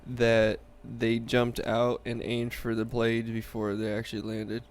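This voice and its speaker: A man's voice: medium pitch, completely flat delivery, unhurried. A young man co-hosting a casual podcast chat, hesitant and full of fillers, swearing freely. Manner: hesitant, profane, trails off with fillers. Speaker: podcast co-host.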